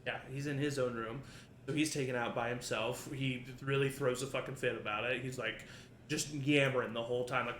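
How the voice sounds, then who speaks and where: A man's voice: medium pitch, fairly even intonation, brisk, fairly bright tone, a little hiss or hum. Game master man with a roomy echo. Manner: rambling, filler-heavy narration. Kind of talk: narrating a tabletop game. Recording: roomy echo, faint ambience.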